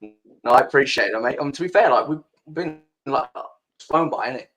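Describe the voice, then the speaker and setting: A man's voice: mid-range voice, animated, a little fast, a bit bright, slight background noise, low-quality recording. A man hosting a podcast as a casual chat, talking freely and swearing a lot. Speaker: podcast host. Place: home, sitting with laptop.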